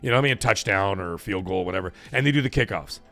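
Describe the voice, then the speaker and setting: A man's voice: deep voice, racing, vocal fry, fairly bright tone, soft background music. A man hosting a casual live stream, rambling, swearing and saying "like" a lot. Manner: rambling, swears, heavy use of "like". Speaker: livestream host.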